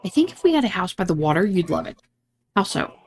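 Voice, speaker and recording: A woman's voice: on the low side, very animated, fast. A woman hosting a gaming channel, reading game dialogue aloud in a let's-play and switching voices dramatically between the characters.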